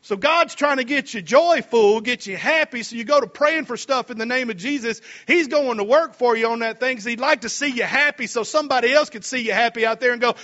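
Male preacher, high-pitched, folksy sermon, dull lo-fi church recording. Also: bright, forceful tone. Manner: folksy, reads scripture slowly and comments between verses. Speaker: pastor.

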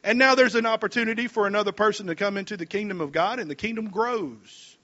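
Male preacher, high-pitched, folksy sermon, dull lo-fi church recording. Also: fairly bright tone. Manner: folksy, reads scripture slowly and comments between verses. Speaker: pastor.

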